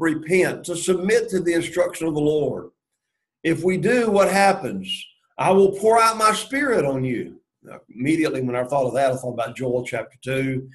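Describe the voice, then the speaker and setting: A man's voice: fairly high pitch, low-quality recording. A man leading a Bible study lesson, going through the verses and asking and answering his own questions. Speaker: Bible class teacher.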